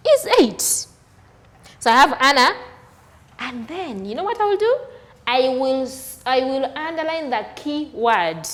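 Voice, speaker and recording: A woman teaching a children's maths lesson, speaking slowly and deliberately, asking the viewer questions and counting aloud. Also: sits high. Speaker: primary school maths teacher. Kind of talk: recorded classroom lesson for children.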